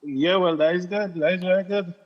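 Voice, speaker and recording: A man's voice: high voice, steady tone, fairly quick. Casual Trinidadian man calling in. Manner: casual, hesitant, says boy a lot. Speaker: caller. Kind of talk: phone-in chat. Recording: dull phone line with reverb.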